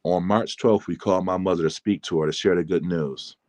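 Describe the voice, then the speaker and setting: A man reads aloud from his own memoir in a calm, measured way. His voice is very deep. The recording is dry and close, with no room sound. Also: no echo. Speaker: author reading his book. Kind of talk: memoir reading.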